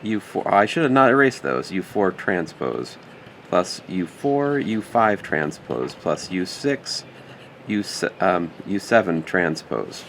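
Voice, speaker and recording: A man's voice: sits low, sing-song, slow pace, a bit bright, slight background noise. A man teaching a recorded math lecture, working through a problem aloud as he writes, with joking asides and muttered self-corrections. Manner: thinks aloud while writing, joking asides. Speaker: math instructor.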